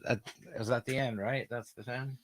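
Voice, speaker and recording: A man's voice: medium pitch, steady tone, moderate pace. A man co-hosting a casual podcast chat, sarcastic and profane, mocking what he talks about. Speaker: podcast co-host.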